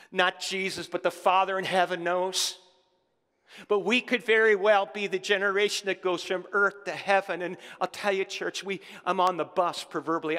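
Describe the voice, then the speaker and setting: Bright-voiced male pastor preaching in a hall. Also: high voice. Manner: preaching with rising fervor and call-outs to the congregation. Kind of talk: sermon. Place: church sanctuary.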